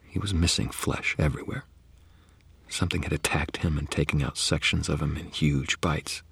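A man narrating first-person fiction in a grave manner, often dropping into a hushed whisper. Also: very deep voice, steady tone, normal speed, creaky, husky, no echo. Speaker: audiobook narrator.

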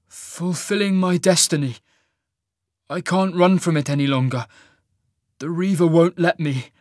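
A man doing a raspy, grim young man. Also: on the high side, a little slow, darkish tone, dry recording, studio quality, pitched above the performer's own voice.

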